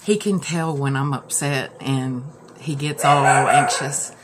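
A woman's voice: extremely low pitch, steady tone, slow pace, very noisy. A woman hosting a casual live stream, upset and near tears, rambling with many fillers and restarts.

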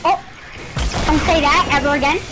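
High-pitched shouting gamer over music. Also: steady tone, moderate pace. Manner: loud, exclaiming, blames teammate. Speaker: gamer playing a team shooter. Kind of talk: excited gaming chat. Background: game music.

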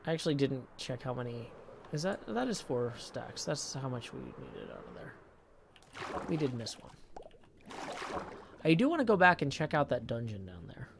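Man streamer, animated pitch, easygoing and self-mocking, faint background noise. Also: moderate pace, vocal fry, long pauses. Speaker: streamer reading chat. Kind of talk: casual live-stream chat while gaming.

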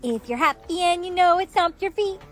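A text-to-speech female voice reading a sinister game voice that chants orders in a sing-song, flat synthetic way. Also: very high voice, moderate pace, faint music behind. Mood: commanding. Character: commanding game voice giving deadly orders.

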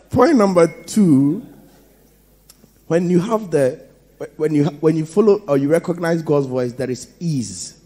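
A man with a Ghanaian accent preaching a sermon, telling stories with animated swings between soft asides and loud, laughing outbursts. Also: a little high, measured pace. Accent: Ghanaian English. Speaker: pastor.

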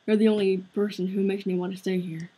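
Woman voicing a quiet sick teenage boy. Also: medium pitch, little pitch movement, quick pace, a little hiss or hum, natural voice, poor audio. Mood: weary. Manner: quiet, subdued.

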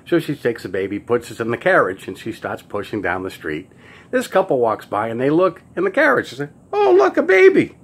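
A man with a New York accent telling jokes and stories in a casual monologue, jumping into high squeaky voices for the characters. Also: sing-song, a little fast, fairly bright tone, slightly rough.

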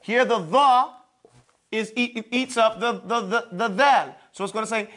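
Teaching Quran recitation to a class, this man speaks in a fairly high voice with a steady, fairly bright tone. Each sound gets drilled slowly and repeated several times, and he often breaks off to confirm his listeners are following along.

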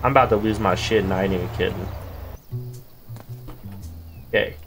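A man's voice: on the low side, moderate pace, fairly bright tone, soft background music. A man doing casual gameplay commentary, joking around with slang and profanity and chatting with the characters on screen. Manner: slangy, profane, jokey banter with game characters.

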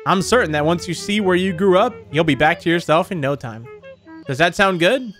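A man's voice: sits high, animated, a little fast, fairly bright tone, faint music behind. A man reading an eerie doting mother. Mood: sweetly unsettling. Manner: reads game dialogue aloud in plain voice. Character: eerie doting mannequin mother, female, middle-aged.

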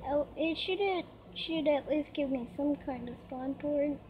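High-voiced woman gamer yelping as she plays. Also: measured pace. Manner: chatty, easily startled, squeals and yelps. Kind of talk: casual gameplay commentary. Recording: dull lo-fi mic, faint noise.

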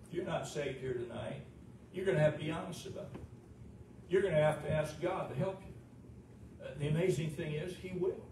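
A man's voice: a little high, normal speed, mellow. A man pastor preaching a sermon, emphatic, asking the congregation questions. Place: church sanctuary. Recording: echoey room, distant mic, noisy.

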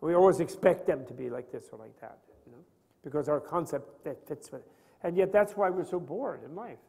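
Fairly quick and a little high, this older man's voice is gravelly, dark-toned and slightly rough. He gives a rambling, conversational Buddhist philosophy lecture, often checking in with students via questions, in a hall with long reverb.

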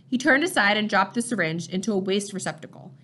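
A woman narrating a novel chapter in a steady, measured storytelling voice. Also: medium pitch. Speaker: audiobook reader.

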